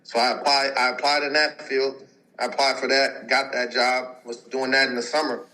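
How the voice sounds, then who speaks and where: This is a young man in his twenties with a forceful, bright tone, telling his story in a relaxed and casual way. He rambles, leans on filler words, and acts out what other people said to him. His pitch sits in the ordinary middle range for a man. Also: moderate pace, poor audio. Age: 20s. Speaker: podcast guest, pro football player.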